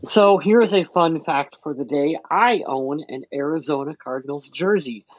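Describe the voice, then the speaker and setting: Male co-host, slightly high voice, quick jokes, muffled lo-fi audio. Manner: brief reactions, joking. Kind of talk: casual chat. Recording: dull lo-fi call audio.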